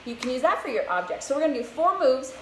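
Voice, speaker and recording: Young woman, fitness instructor, upbeat and encouraging, slightly out of breath, high voice, far from mic, echoey. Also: sing-song, fast. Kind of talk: live kids' workout class. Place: outdoors, open space. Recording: echoey, distant with background noise.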